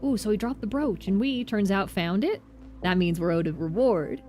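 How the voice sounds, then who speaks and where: A shifty, drawling drunk from town begs for his liquor in a put-on Southern accent, as a woman streamer voices him. His voice sits at a middling pitch, and loud game music plays beneath him. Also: moderate pace, close to an everyday voice. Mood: wheedling. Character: shifty drunk male townsman begging for liquor.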